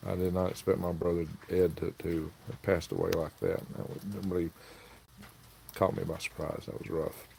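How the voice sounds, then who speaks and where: A man's voice: deep voice, lively intonation, moderate pace, vocal fry, darkish tone, a little hiss or hum. A man hosting a casual livestream, telling a rambling, aggrieved story. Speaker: livestream host selling worms.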